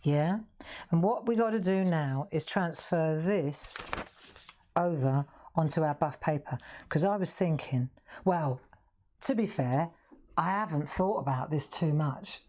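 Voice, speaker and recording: Woman, low voice, chatty live craft host who talks straight to her viewers. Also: dark tone.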